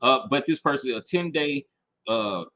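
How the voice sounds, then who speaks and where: A man's voice: medium pitch, animated, normal speed, bright, forceful tone. A man teaching a casual online marketing lesson. He is emphatic, repeats his key points and keeps checking in with his listeners. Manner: reads review passages aloud and then picks them apart. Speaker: marketing instructor.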